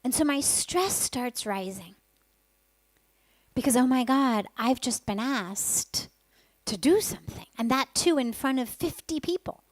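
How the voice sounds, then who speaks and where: A woman's voice: high-pitched, expressive, a little slow, no room sound. A woman who is a spiritual teacher tells a personal story candidly and vividly, sometimes dropping to a whisper for her inner thoughts.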